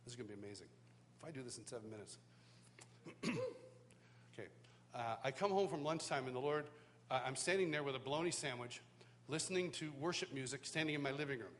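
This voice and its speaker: Fast but pausing often, a middle-aged man with a mid-range, fairly bright voice preaches at a live church worship school, and a little hiss or hum runs underneath. The worship teacher's testimony sermon about his life leans on self-deprecating humor and acted-out voices of the people he quotes.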